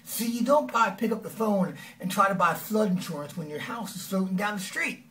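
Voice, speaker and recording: A man giving an energetic, conversational motivational talk as a life coach, often acting out quoted lines. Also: high-pitched, a little fast, distant mic, a little hiss or hum.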